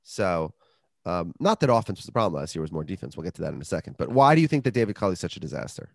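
Low-pitched, creaky, and rapid-fire, a male podcast co-host jokes and rambles lively through a casual ad read and sports chat. The studio-quality recording has no room sound.

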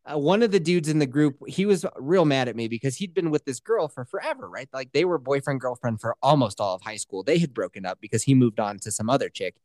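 A man's voice: mid-range voice, lively intonation, fast talker, few pauses, a little mellow. A man in his thirties from Colorado hosting a podcast, telling a profane, rambling story and laughing along with himself. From Colorado, USA. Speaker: podcast host. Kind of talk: casual storytelling chat.

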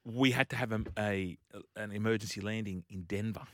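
An Australian man on a radio show, telling a story in a lively, laughing way. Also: lowish voice, brisk, no echo, clean studio sound. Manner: animated storyteller, laughs often. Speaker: radio co-host. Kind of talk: casual radio banter. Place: radio studio. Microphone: studio mic.

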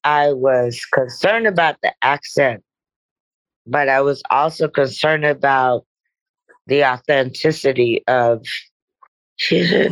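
A woman's voice: extremely low pitch, slow, pauses often, low-quality recording. A middle-aged woman, a guest actress, speaking reflectively in a podcast interview with meandering "you know" asides.

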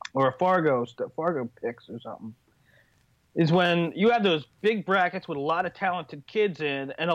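A man's voice: on the high side, dry recording. A man co-hosting a casual talk show, with a dry, sarcastic way of talking. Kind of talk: casual chat. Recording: dull, dry lo-fi sound.

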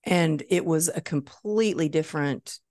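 Deep-voiced woman host, dry sound. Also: normal speed, darkish tone, no room sound. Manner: candid, shares personal stories and asks questions. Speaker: podcast host. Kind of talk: conversational interview.

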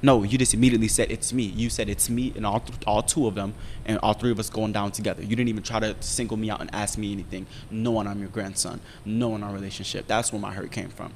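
A young man telling a long personal story in casual chat, profane and animated, often checking in with his listener. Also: fairly low pitch, fast, few pauses, long reverb tail, slight background noise. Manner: profane, animated storytelling with frequent "you feel me". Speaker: podcast storyteller.

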